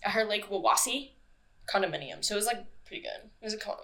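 A woman's voice: medium pitch, lively intonation, quick pace, vocal fry, pushed and bright. Chatty, foul-mouthed woman podcast host. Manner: swears freely, chatty, laughs often. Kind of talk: casual true-crime chat.

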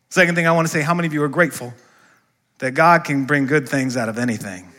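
A man's voice: on the high side, quick pace, sharp tone. A male pastor preaching a sermon in a church, asking the congregation questions and calling for responses. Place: church sanctuary.

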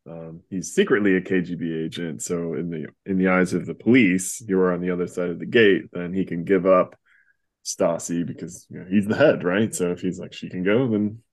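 A man's voice: low-pitched, fairly even intonation, a little fast. A man co-hosting a podcast, chatting casually about a comic book and thinking aloud. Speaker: podcast co-host.

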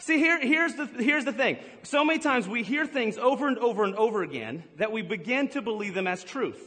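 A male pastor giving a humorous sermon to a live congregation, teasing them with jokes and quick asides. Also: very high-pitched, expressive, sharp tone, slightly rough. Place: large church hall with a live congregation. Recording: long hall reverb.

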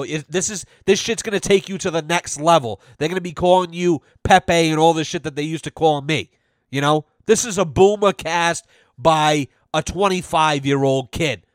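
A young adult man hosting a podcast, ranting in a profane, animated storytelling way. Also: a little high, no room sound, studio quality. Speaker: podcast host. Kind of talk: casual ranting monologue.

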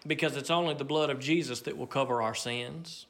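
A man preaching a sermon, earnest and measured, swinging between loud emphasis and near hush. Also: mid-range voice, gravelly.

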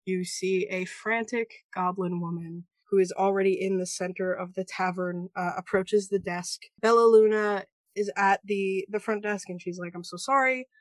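A woman's voice: mid-range voice, moderate pace, hardly any pauses, no echo. Woman running a tabletop game. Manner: animated, swearing freely. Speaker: game master.

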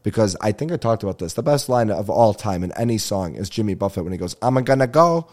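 Speaking quickly in a lowish, mellow voice, this podcast host is a comedian delivering a loose, funny monologue. He rambles through stories, swearing and laughing along the way.

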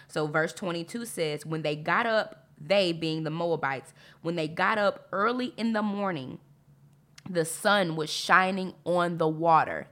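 A woman with a slightly low voice leads a devotional Bible teaching on her podcast. She reads scripture aloud, then breaks it down in a chatty, emphatic way. She circles back to key phrases for emphasis. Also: a bit bright. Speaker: podcast host.

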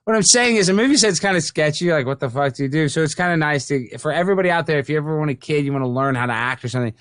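Male host, excitable and uneven, loud then muttering, dry close sound. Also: very fast, no echo. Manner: excitable, swings between loud outbursts and low mumbling. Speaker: podcast host. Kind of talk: casual chat.

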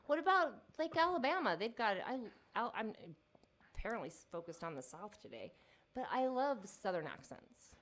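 A woman's voice: a little high, big pitch swings, normal speed, a bit bright. A woman co-hosting a casual chat show, teasing and dry with a playful edge. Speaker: podcast co-host.

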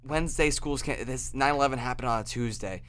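A man's voice: mid-range voice, a little fast, a bit bright, clean tone. A young man hosting a podcast, telling a story in a rambling, profane way full of restarts. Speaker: podcast host. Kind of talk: casual chat, storytelling.

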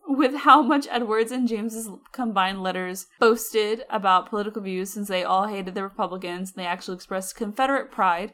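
A woman's voice: medium pitch, a bit bright. A woman co-hosting a podcast, telling a history story in a casual, slangy way with chatty asides. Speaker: podcast co-host.

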